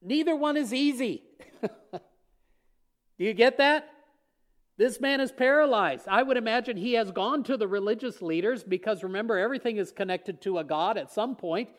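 A man's voice: high voice, moderate pace. A man preaching a sermon, retelling a story and acting out the lines of the people in it. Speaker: pastor.

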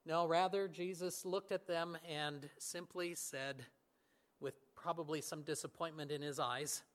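A man preaching a sermon in an earnest way, often slowing and dropping to a near whisper on key words. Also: a little high, steady tone. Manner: earnest, with fillers and restarts, voice swings between hushed and raised. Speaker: pastor.

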